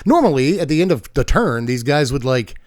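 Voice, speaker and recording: A man's voice: medium pitch, very animated, fairly quick, no echo, studio quality. A man hosting a casual card game deck tech, jokey and playful with punchy asides. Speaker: card game YouTube host.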